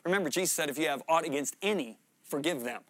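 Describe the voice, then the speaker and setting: A man's voice: fairly high pitch, animated, quick pace, a bit bright, dry recording. A man preaching a sermon, telling a story earnestly and emphatically, sometimes repeating words as he builds to a point. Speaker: guest preacher.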